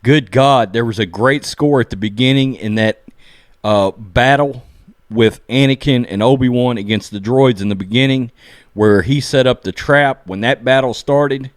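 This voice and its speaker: A man giving a casual episode review, excitedly recapping scenes and acting out the characters' lines, often saying "okay?" and "look". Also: mid-range voice, moderate pace, no echo, clean studio sound. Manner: animated, acts out character lines while recapping. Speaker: show reviewer.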